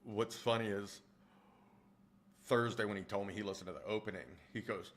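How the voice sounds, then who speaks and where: A man with a fairly low voice talks casually to viewers of a livestream. He rambles, doubles back on his words and restarts sentences as he answers the chat. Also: steady tone, normal speed, a bit bright. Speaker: streamer and audiobook narrator.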